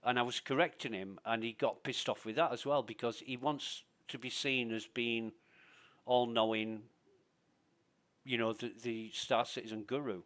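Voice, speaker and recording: A man's voice: medium pitch, fairly even intonation, moderate pace, fairly bright tone. A man chatting while streaming a game, blunt and venting with heavy swearing. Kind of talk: casual gaming chat.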